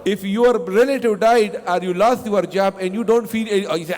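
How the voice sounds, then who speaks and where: A man's voice: sits high, a little fast, a little mellow, big-room sound. A man teaching a mosque tafseer lesson in non-native English with Arabic terms, who asks the class questions and answers them himself and often repeats himself. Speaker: Quran teacher.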